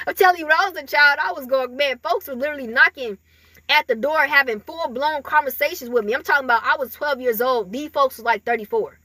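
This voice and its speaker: A woman's voice: sits high, a little fast, bright, forceful tone, dry recording. A woman giving a casual spiritual reading to her viewers, talking in a loose, rambling way full of fillers and laughter. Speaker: spiritual reader.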